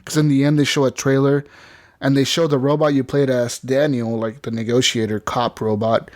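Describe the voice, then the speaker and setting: A man's voice: mid-range voice, level tone, normal speed, dry recording, clean studio sound. A man co-hosting a gaming podcast, telling a long story with lots of fillers, laughs and acted-out lines. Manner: rambling, laughing, acts out game lines. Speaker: podcast co-host. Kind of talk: casual gaming chat.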